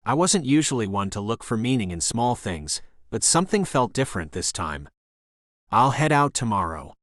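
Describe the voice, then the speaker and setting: A man narrating a romance audiobook in the first person, relaxed and easy. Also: mid-range voice, a little fast, no echo, studio quality.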